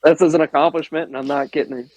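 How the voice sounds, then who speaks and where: Speaking very fast in a fairly high voice, this Midwestern podcast guest rattles off animated airsoft tales, swearing without restraint and laughing often. The chat is casual, and the recording quality is low.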